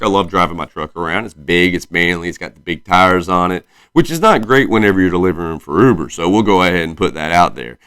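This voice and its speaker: A man's voice: low-pitched, expressive, quick pace, few pauses, a bit bright, clear, resonant tone, no room sound, clean studio sound. A man in his thirties from South Carolina with a slight Southern twang, telling rambling stories on his own podcast and often correcting himself. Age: 30s. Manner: rambling, self-correcting storyteller. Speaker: podcast host. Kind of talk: casual solo podcast chat.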